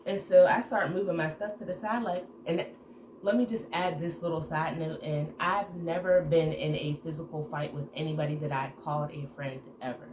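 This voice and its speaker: A woman telling a casual story to her viewers in an animated way, acting out the dialogue. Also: sits low, moderate pace. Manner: animated retelling with acted-out quoted dialogue. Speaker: storytime vlogger. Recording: echoey room with background noise.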